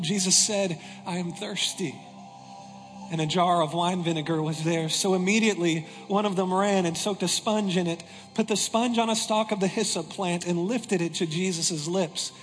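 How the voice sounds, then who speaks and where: High-voiced male preacher, dramatic and solemn. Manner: dramatic reading, dropping to hushed intensity. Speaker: pastor. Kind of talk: sermon with scripture reading. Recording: long reverb with music underneath. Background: soft music.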